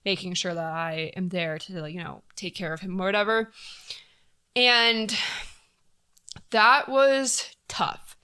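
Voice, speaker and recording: Young woman guest, bright tone, candid and casual, swears freely. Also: mid-range voice, steady tone, takes it slowly, long pauses, clear, resonant tone. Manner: candid, frequent fillers and swearing. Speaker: podcast guest. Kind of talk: casual personal storytelling.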